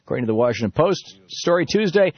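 A man hosting a political talk radio show from a studio, speaking in an animated, indignant way with many restarts. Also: fairly high pitch, fast talker, slightly rough, no echo. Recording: dull, slightly lo-fi radio broadcast.

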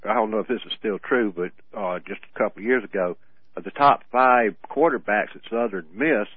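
A man co-hosting a radio show in casual chat, telling rambling stories with halting restarts and frequent laughs. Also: lowish voice, breathy edge. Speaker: radio co-host. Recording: tinny phone-like radio audio.

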